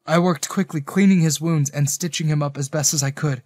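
A man's voice: a little high, fairly even intonation, a little fast, a little mellow, dry recording, studio quality. A man narrating a first-person romance story in an earnest, emotional manner.

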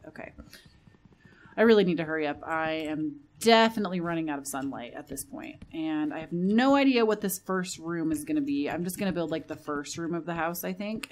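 A Minecraft let's play creator, a young woman with a low-sitting voice, chatters nervously while playing a building game. She keeps muttering reassurances to herself under her breath.

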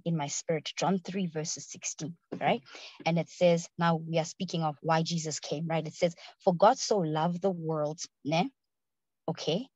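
Woman preacher, husky voice, dull dry lo-fi sound, earnest and quick. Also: sits low, darkish tone, no room sound. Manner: earnest, quick-talking with frequent fillers and checks for understanding. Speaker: speaker at a ministry session. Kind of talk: sermon, teaching scripture.

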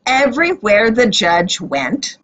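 Woman, children's Bible storyteller, expressive, slow delivery, breathy tone. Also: medium pitch, rough recording.

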